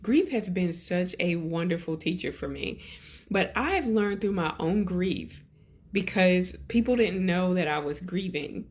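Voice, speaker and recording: A woman hosting a podcast, talking earnestly to her listeners and gently coaching them in slow, deliberate phrases. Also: on the low side. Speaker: podcast host. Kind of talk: reflective solo podcast talk.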